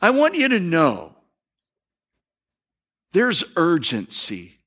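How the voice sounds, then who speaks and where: Man, middle-aged pastor, sermon, fairly high voice, story-driven, soft hushed drops for emphasis. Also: wildly swooping pitch, takes it slowly, husky. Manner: conversational storytelling with restarts, dropping to a near-whisper for emphasis.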